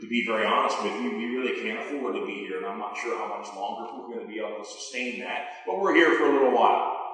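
A man's voice: fairly low pitch, quick pace, fairly bright tone. A man preaching a sermon in a church sanctuary, emphatic, repeating key phrases and asking his congregation questions. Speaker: pastor. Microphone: sound system mic. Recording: echoey church hall, long reverb.

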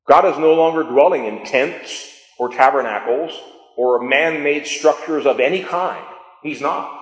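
A man preaching a sermon in a church sanctuary, emphatic, repeating key phrases and asking his congregation questions. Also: on the high side. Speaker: pastor. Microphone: sound system mic. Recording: echoey church hall, long reverb.

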